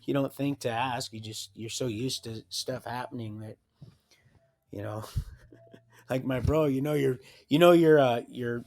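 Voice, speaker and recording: A man's voice: mid-range voice, a little mellow. A man on a livestream telling a personal story in a rambling way, with many restarts and trailing sentences, reading documents aloud and adding wry asides. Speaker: livestream host.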